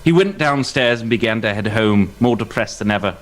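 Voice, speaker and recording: A man improvising a comic short story as narrator, telling it with lively delivery. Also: on the low side. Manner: animated, quick to laugh at himself. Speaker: improv performer.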